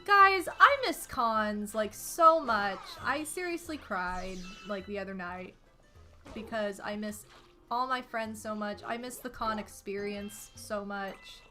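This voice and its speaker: A young woman streaming a video game from home, chatting casually and telling stories to her viewers in an animated, rambling way. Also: mid-range voice, slow pace. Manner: chatty, animated storytelling with lots of "like" and laughs. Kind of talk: casual gaming stream chat. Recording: game music faintly behind.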